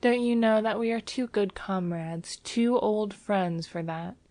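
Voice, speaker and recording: A woman's voice: medium pitch, a little slow, warm tone, no echo, close to an everyday voice. A woman voicing a teasing young Parisian woman. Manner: teasing, lightly sarcastic.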